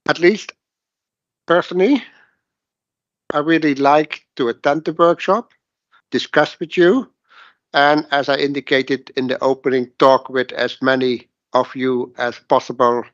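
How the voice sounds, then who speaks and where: A man's voice: medium pitch, fairly even intonation, unhurried, long pauses, dry recording, lo-fi sound. A man chairing a workshop, making polite formal remarks in slightly broken phrasing. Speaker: session chair.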